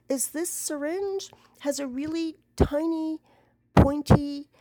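A woman telling a rambling, excitable story at home in a casual way, swearing freely as she goes. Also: high-pitched, no echo, studio quality. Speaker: vlogger.

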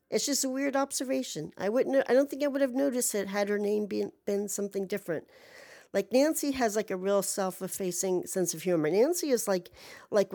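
Woman, podcast host, jaded-sounding, mellow low-brightness tone, rambling, candid, profane, self-deprecating monologue. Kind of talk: casual personal monologue.

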